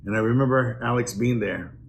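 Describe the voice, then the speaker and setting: An older man giving a personal, earnest introduction speech at an awards event, pausing with fillers as he reminisces. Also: mid-range voice, slight background noise. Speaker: award presenter.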